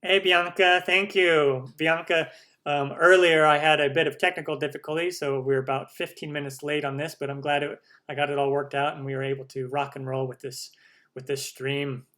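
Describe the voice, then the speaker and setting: A man's voice: fairly high pitch, level tone, normal speed, bright, forceful tone. A man from the United States hosting a cooking channel live stream, chatting upbeat through viewer questions with lots of ums.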